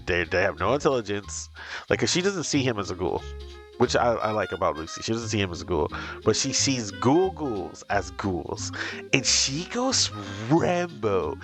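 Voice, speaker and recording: Low-voiced man, excitable casual reviewer, loose chatty recap, music playing under him. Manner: excitable, chatty, heavy use of "like". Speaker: video reviewer. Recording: voice over background music.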